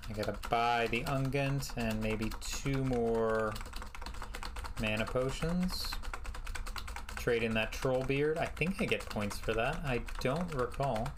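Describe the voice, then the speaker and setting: A man's voice: mid-range voice, takes it slowly, noisy background. A man giving casual gameplay commentary as a streamer, self-mocking and muttering his in-game commands aloud. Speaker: speedrunner and streamer.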